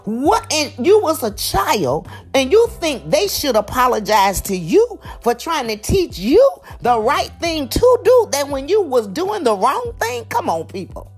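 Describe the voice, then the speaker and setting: A woman's voice: high-pitched, big pitch swings, unhurried, few pauses. A woman giving an emphatic, preachy motivational talk, calling out to her listeners with faint music behind her. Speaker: motivational speaker.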